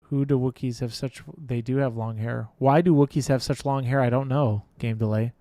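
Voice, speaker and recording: A man hosting a casual livestream giveaway, calling out winners' names loudly and joking between them. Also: mid-range voice, fairly even intonation, normal speed, dry recording, studio quality.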